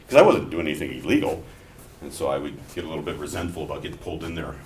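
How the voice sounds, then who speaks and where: A middle-aged man teaching a class in a relaxed, conversational way, mixing personal stories into his explanations. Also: a bass voice, very fast. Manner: conversational, telling anecdotes between explanations. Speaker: instructor. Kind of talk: classroom lecture. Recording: echoey classroom from far off, faint noise.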